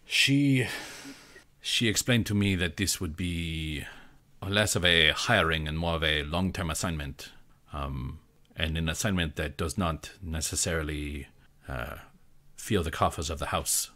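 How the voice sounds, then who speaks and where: A man voicing a thin, stiff house official who speaks slowly and formally. The voice sits low, with a bright, forward edge. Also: heavily acted.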